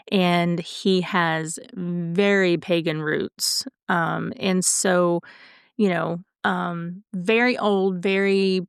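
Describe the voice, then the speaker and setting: Slow, smooth-voiced female podcast co-host. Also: lowish voice, no room sound, clean studio sound. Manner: giggly, easygoing. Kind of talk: casual chat.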